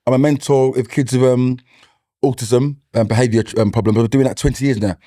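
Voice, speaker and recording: A man's voice: medium pitch, fairly even intonation, a little fast, mellow, no echo, studio quality. A man in his forties with an East London accent, chatting and laughing as a podcast guest. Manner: chatty, laughs often, many fillers. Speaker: guest comedian. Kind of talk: casual podcast chat.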